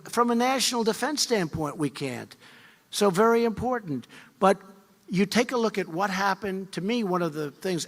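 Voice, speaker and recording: A man in his seventies giving an off-the-cuff campaign speech, boastful and emphatic, repeating his points over and over. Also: sits high. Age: 70s. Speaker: politician. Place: large event hall. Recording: reverberant hall with faint crowd.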